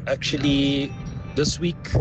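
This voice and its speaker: A man's voice: mid-range voice, flat delivery, highs cut off, music in the background. A man leaving a hesitant, reflective voice note from a car. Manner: slow, hesitant. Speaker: listener sending a voice note.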